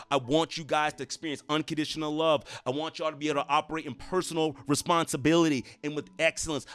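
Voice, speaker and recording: A man giving earnest, emphatic relationship advice straight to camera, repeating himself for stress. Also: mid-range voice. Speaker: relationship coach. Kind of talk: motivational talk to camera.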